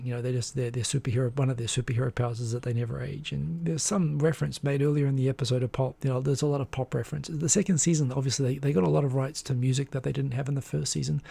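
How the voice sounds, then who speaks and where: A man's voice: mid-range voice, gravelly, mellow, slightly rough, no room sound. A man hosting a live stream, chatting casually and rambling with frequent restarts. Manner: rambling, restarts often, chuckles. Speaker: host of a weekly live show.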